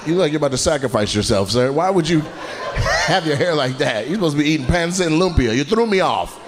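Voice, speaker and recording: Brash comedian roasting a club crowd. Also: male voice, on the high side, lively intonation, quick pace. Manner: brash, teasing, loud bursts and laughing asides. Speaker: stand-up comedian. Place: comedy club stage with laughing audience. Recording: noisy live club recording.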